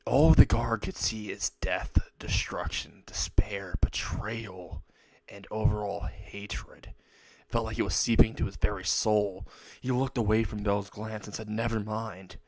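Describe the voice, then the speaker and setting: A young man tells an improvised fan story, rambling and correcting himself as he goes. He speaks slowly in a fairly low voice. The recording is dry and close, with no room sound. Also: a little mellow, dry recording. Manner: rambling, restarts mid-sentence. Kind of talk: improvised fan-fiction narration.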